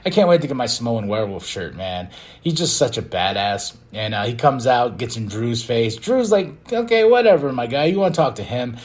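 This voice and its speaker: A man hosting a podcast, recapping wrestling in a casual, excitable way and acting out quotes in loud bursts. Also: mid-range voice, normal speed. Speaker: podcast host.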